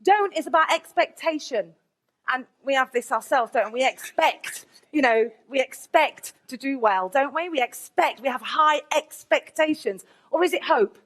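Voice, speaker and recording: A woman, a teacher giving a candid, lively conference keynote with asides to the audience. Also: high voice, normal speed. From England, Nottingham.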